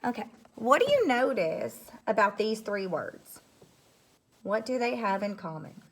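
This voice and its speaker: A woman teacher walking young students through a phonics lesson step by step, patient and clear, often checking in with "okay?". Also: medium pitch, fairly bright tone. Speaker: third grade teacher. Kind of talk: recorded classroom phonics lesson.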